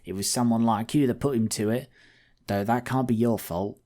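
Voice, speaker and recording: A man reading game dialogue aloud, voicing a hospitable but wary halfling village woman in a soft put-on female voice. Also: mid-range voice, steady tone, normal speed, close to an everyday voice.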